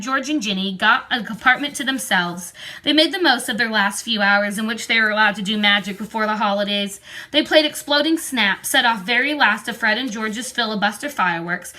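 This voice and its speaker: A woman reading a storybook aloud in a clear, steady narrating voice. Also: a little high. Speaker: audiobook reader.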